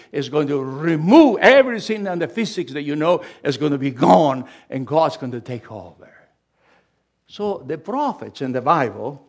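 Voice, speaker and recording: A man preaching a sermon, reading scripture loudly and emphatically between quieter asides, with small grammar slips. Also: fairly high pitch. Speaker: pastor.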